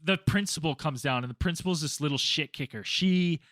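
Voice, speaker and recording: A man on a podcast telling a story in casual chat, animated and profane, acting out quotes loudly. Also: on the high side, a little fast, no echo. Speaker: podcast co-host.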